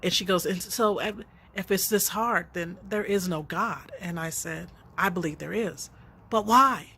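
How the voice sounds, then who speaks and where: A woman's voice: on the low side, fairly even intonation, moderate pace, fairly bright tone, a little hiss or hum. A middle-aged woman telling a personal story in a reflective way, often laughing as she speaks.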